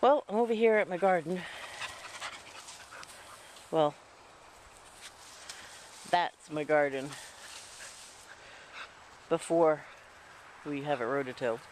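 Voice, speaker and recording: High-voiced man rambling through his garden. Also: slow pace, long pauses, a little hiss or hum, low-quality recording. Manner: rambling, chatty. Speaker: vlogger. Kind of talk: casual garden walk-through. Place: outdoor garden in light rain. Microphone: handheld camera mic.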